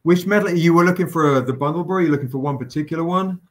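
A man chats casually on his live stream, joking and swearing now and then. His voice sits a little higher than most men's. He talks loosely, with plenty of fillers. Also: fast. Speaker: livestream host running a crowdfunding campaign.

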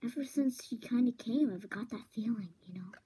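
A woman voicing a scheming teenage girl villain in a slow, hushed whispered role-play. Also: a little high, husky, poor audio.

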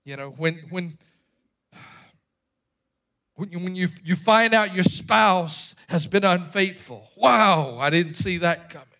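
High, bright-voiced preaching man. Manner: emphatic preaching, swinging from hushed to shouting. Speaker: pastor. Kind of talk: sermon.

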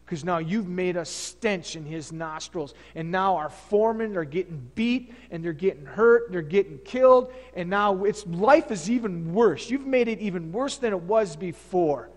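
A man voicing a crowd of enslaved Israelites in a sermon retelling, loud and emphatic. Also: sits high, moderate pace, hardly any pauses, long reverb tail, close to an everyday voice. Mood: bitter. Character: crowd of enslaved people, cheering then bitter.

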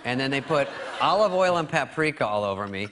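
A man in his fifties, a talk show guest telling a comic story in a deadpan way and acting out the other people in it. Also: mid-range voice, brisk, noisy background. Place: studio with audience.

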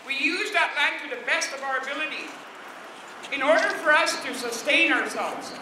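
Woman, from Alberta, First Nation leader; high voice, emphatic, indignant rally speech, distant off-mic sound. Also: normal speed. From Alberta, Canada. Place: outdoor rally in cold weather. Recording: echoey, distant, noisy outdoor crowd ambience.

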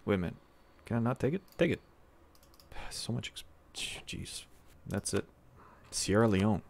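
A man giving casual commentary while playing a strategy game, talking to himself with excitable outbursts. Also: on the low side, dry recording. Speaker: strategy game let's-player.

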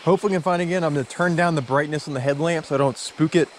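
A man narrating his night fishing at a stream, excitable and rambling, full of fillers. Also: a little high, very fast, a little hiss or hum. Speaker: fishing vlogger. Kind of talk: casual outdoor narration.

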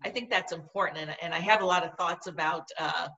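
A woman's voice: fairly low pitch, a little fast, pushed and bright, far from the mic, highs cut off. A woman guest in an interview, telling a personal story in an earnest, vivid way. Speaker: podcast guest.

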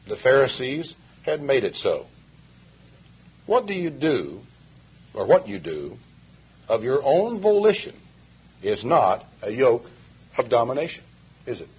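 A man's voice: mid-range voice, sing-song, measured pace, long pauses, breathy edge. A male preacher delivering an emphatic sermon full of rhetorical questions, heard on a dull, lo-fi 1980s tape.

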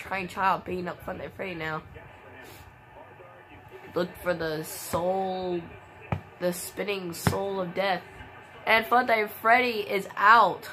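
A woman giving casual play-by-play commentary on a wrestling video game, with excitable exclamations and sudden shrieks. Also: fairly low pitch. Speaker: gameplay commentator.

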